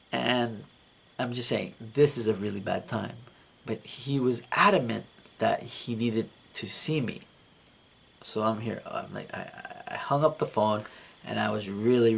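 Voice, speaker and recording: A man casually recounts a dream for his vlog, his voice gravelly and a little husky. He tells it with animated energy, stumbles over repeated words and laughs at his own story. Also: mid-range voice.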